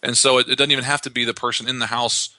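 A man being interviewed as a real estate investor, explaining in an animated way with lots of restarts. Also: mid-range voice, racing, no room sound. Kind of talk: conversational podcast interview.

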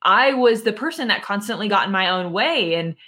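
A woman in her thirties, a mental conditioning coach and podcast guest, telling a personal story in a lively way with many fillers. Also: mid-range voice, a little fast.

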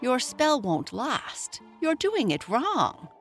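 A woman's voice: sits high, wildly swooping pitch, takes it slowly, soft background music, pitched above the performer's own voice, full character voice. A woman voicing a tiny, posh, fussy male grub creature with a prim, matter-of-fact manner.

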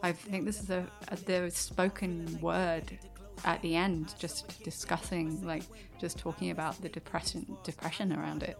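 Woman chatting about a rap album, lively, voice on the low side, faint music behind. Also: normal speed, gravelly, few pauses. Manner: lively, acts out rhetorical questions. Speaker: podcast co-host. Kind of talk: casual music discussion.

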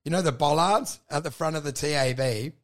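A man's voice: on the high side, brisk. An Australian man, a comedian and podcast host, telling a rambling story in casual chat, swearing a lot and acting out what people said. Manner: swears a lot, acts out quotes, gets loud and shouty in the story.

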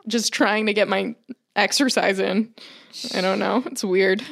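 Animated storytelling woman, swearing freely. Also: mid-range voice, measured pace, gravelly. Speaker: podcast co-host. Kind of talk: casual chat.

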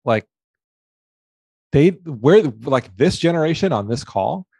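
A man's voice: on the high side, animated, takes it slowly, creaky, a little mellow, slightly rough, no room sound. Concerned man, full of "like", dry sound. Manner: concerned, lots of "like" fillers. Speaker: podcast guest. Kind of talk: casual panel chat.

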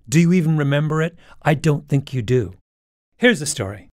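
A man's voice: a little high, animated, normal speed, darkish tone, no room sound, studio quality. Wry, dramatic male podcast narrator. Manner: dramatic, wry, with emphatic swings in delivery. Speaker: podcast host. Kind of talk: scripted storytelling narration.

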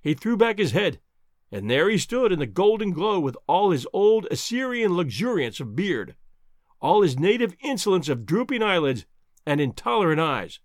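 Guy narrating an adventure audiobook, really lively up-and-down voice, dry close mic. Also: high voice, normal speed, dry recording. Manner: animated, descriptive reading. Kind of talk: expressive scripted narration.

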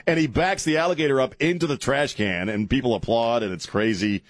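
A man's voice: medium pitch, a little fast, dry recording. A man hosting a radio talk show, joking, rambling and laughing as he chats in a studio. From South Texas. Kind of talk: casual radio banter. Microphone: studio microphone.

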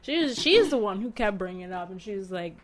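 A woman in a casual chat, explaining things in a measured, soft way. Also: medium pitch, expressive.

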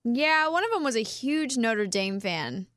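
A woman's voice: fairly high pitch, very animated, unhurried, a bit bright, no room sound, studio quality. A woman filling in as co-host in casual chat, rambling and chatty. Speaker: fill-in co-host.

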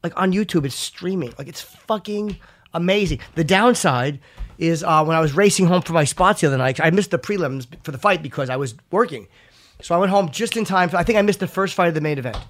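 Man, podcast host, loose rambling chat, swears a lot, fairly high voice. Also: expressive, a little fast, a bit bright. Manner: rambling, profane, self-deprecating.

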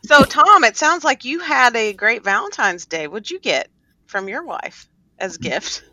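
A woman's voice: a little high, big pitch swings, unhurried, bright, forceful tone, dry recording. A woman with a regional accent, a nurse practitioner, chatting casually with a teasing, playful manner. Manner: teasing, playful, laughs often. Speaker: nurse practitioner, podcast co-host. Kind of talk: casual chat.

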